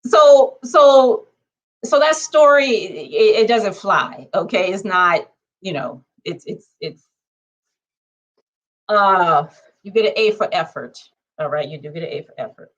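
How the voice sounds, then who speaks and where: A woman vlogger speaking in a casual monologue, conversational and animated, checking in with her viewers and counting off her points. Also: measured pace, long pauses, highs cut off. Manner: conversational, punctuates points with "okay?" and numbered lists; animated, swings between low asides and excited high bursts.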